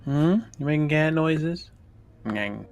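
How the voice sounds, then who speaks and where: Low-voiced man with dry remarks. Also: fairly quick, soft background music. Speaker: player. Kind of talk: casual banter during a tabletop game.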